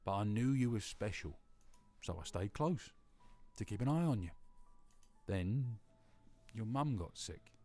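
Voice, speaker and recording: A man reading visual novel lines aloud as a guilty male cat spirit, in a plain, steady voice. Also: lowish voice, measured pace, soft background music. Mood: remorseful.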